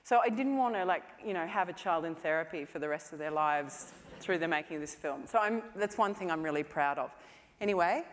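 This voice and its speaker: A woman speaks from a conference stage, sharing anecdotes about her work in a loose, chatty way full of fillers. Her voice sits a little low. A long reverb from the hall trails after her words. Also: lively intonation, a little fast. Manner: chatty storytelling, many "you know" fillers. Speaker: film director giving a talk.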